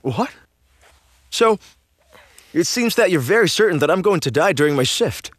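A man's voice: high voice, expressive, moderate pace, a bit bright, dry recording. A man voicing an easygoing young male driver in a dubbed drama, laid-back and joking. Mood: defensive. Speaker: dub actor.

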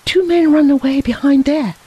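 A narrator voicing an earnest, gentle young man who speaks in simple broken English. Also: medium pitch, expressive, slow pace, slightly rough, dull audio, heavily acted. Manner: simple clipped phrasing, gentle.

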